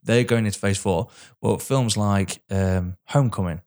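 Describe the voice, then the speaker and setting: A man co-hosts a podcast, chatting casually about films while swearing and correcting himself as he goes. His voice is lowish and darkish in tone, at a moderate pace.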